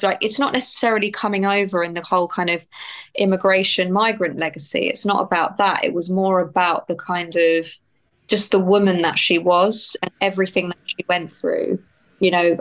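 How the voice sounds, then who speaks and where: A woman, a guest actor and writer, talking in a candid, reflective and heartfelt way, often restarting her phrases. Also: fairly low pitch. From United Kingdom. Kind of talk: candid interview conversation.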